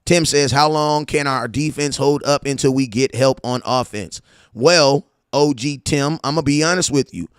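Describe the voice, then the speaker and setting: A man hosting a casual sports fan show, talking in an animated, slangy way with stories and asides. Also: medium pitch, normal speed, clean tone, no room sound, studio quality. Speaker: sports podcast host.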